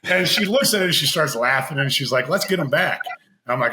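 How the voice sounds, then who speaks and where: A man telling a long personal story in casual chat as a podcast guest, animated and laughing, acting out what others said. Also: on the high side, brisk, background noise. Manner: animated, laughing, acts out quoted voices.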